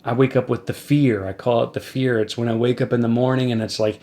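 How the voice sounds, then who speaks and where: A man hosts a podcast and tells a rambling, wry story about life on the road. He speaks at a middle pitch. He becomes lively whenever he acts out what other people said. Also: quick pace. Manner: wry anecdote-telling, animated when acting out quotes. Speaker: podcast host and musician. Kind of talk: casual storytelling to a guest.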